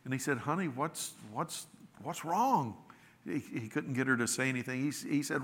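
A man preaching a sermon, retelling a story and quoting the people in it with slow, deliberate emphasis. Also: medium pitch. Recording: long reverb of a large hall.

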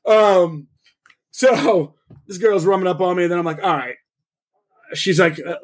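A young man with a slightly raised voice tells a story on a podcast, lively and full of cursing. He acts out what others said as he goes, in a loose, casual way. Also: high voice, unhurried, pauses often. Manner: animated, profane, acts out quotes. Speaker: podcast co-host.

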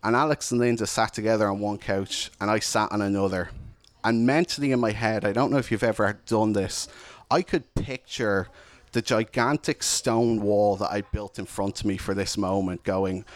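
A man's voice: on the low side, steady tone, normal speed. A man, candidly and reflectively telling a personal story of struggle to an audience. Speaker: speaker sharing a personal testimony.

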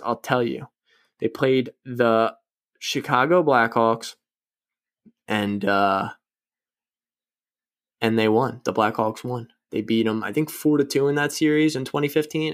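Young male podcast host, casual and loose, swears freely, pokes fun at himself. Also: mid-range voice. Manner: rambling, profane, self-mocking. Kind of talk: casual solo podcast chat.

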